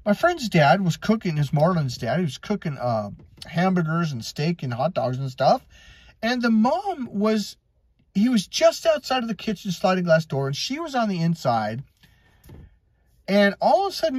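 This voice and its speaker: Man, life coach, storytelling monologue, very expressive pitch, husky, dry. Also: normal speed, no echo. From Wisconsin, USA. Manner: animated, swings between high and low pitch, acts out quotes.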